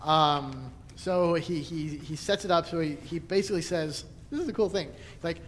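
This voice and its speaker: Male Bible study teacher with a higher-pitched voice, relaxed and chatty, quick to laugh, recorded in a reverberant hall. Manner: chatty, laughs often, many restarts. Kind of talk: casual teaching talk. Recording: echoey hall, faint noise.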